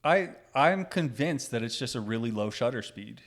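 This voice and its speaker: A man's voice: medium pitch, animated, normal speed. A man co-hosting a casual reaction chat, laughing often and reading posts aloud. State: sleep-deprived. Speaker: co-host.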